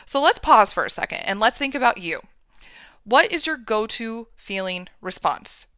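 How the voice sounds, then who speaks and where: A woman in her thirties speaks as a mindset coach in an earnest, encouraging talk, tagging her points with "right?". Her voice is bright and smooth, recorded close and dry with no room sound. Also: on the high side, sing-song, moderate pace, no room sound. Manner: earnest, repeats "right?" often. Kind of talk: motivational talk to listeners.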